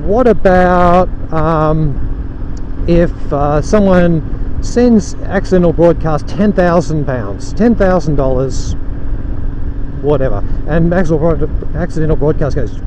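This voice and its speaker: A man's voice: a little high, animated, slow, warm tone. A young man vlogging from his motorbike, rambling wryly and stopping himself mid-sentence as he acts out imagined conversations. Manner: rambling, wry, self-interrupting, acts out imagined dialogue. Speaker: motovlogger. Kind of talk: casual ranting monologue while riding. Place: on a motorbike in city traffic. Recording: wind and traffic noise outdoors.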